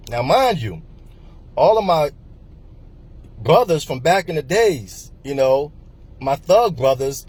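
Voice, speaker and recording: Husky-voiced man telling his life story. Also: medium pitch, darkish tone. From New Jersey, US. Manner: rambling, repeats himself, many fillers. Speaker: vlogger. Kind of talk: personal storytelling monologue.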